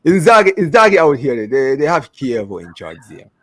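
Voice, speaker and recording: A young man co-hosting a relaxed football chat, talking fast and often repeating himself in bursts. His voice sits a touch high and swings widely in pitch. The sound is dry and close. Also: no room sound. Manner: animated, repeats words, talks over his co-host. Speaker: podcast co-host.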